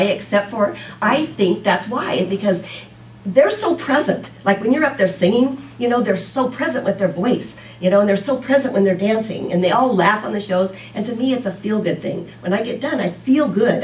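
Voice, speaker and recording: A woman's voice: fairly low pitch, echoey room, far from the mic, a little hiss or hum, low-quality recording. A woman giving a casual, rambling sermon talk to a congregation, often laughing at herself. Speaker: speaker at a church service.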